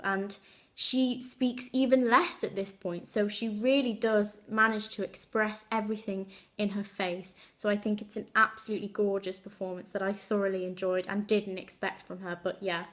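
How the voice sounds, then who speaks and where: A young woman talks through a film review in a relaxed, chatty way, pausing often on fillers and correcting herself mid-sentence. Her voice sits at an ordinary middle pitch for a woman. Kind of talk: casual spoken film review.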